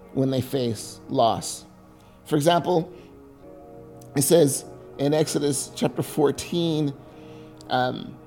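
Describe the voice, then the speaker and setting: A man's voice: on the high side, creaky. A man preaching a sermon as pastor, emphatic and building in force as he recounts scripture. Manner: emphatic, rising loud when voicing the people's complaints.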